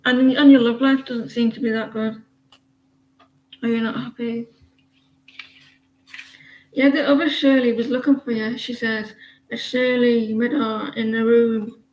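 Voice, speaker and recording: A woman's voice: fairly high pitch, flat delivery, a little slow, pauses often, lo-fi sound, a little hiss or hum. A woman giving a casual livestream tarot reading, rambling and chatty as she talks to viewers by name. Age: adult with a daughter. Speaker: tarot reader.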